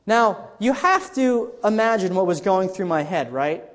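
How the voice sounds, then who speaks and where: A man's voice: high voice, expressive, a little slow, in a large hall. A man pastor preaching a sermon in a conversational storytelling way, often restarting his sentences.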